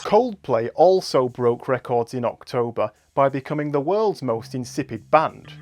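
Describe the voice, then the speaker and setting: A man delivering scripted comedic commentary with dry, deadpan sarcasm. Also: medium pitch, a little slow, shouting, noisy background.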